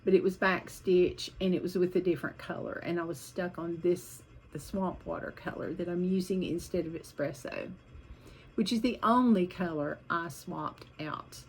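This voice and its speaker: A woman's voice: on the low side, normal speed, husky, poor audio. A woman vlogging about her cross-stitch projects in a chatty, rambling way, hopping from one topic to the next.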